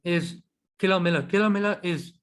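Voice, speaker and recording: A man with a slightly higher-pitched voice co-hosts a casual cricket chat. He gives firm, analytical opinions on players and teams. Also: a little fast. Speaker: cricket podcast co-host.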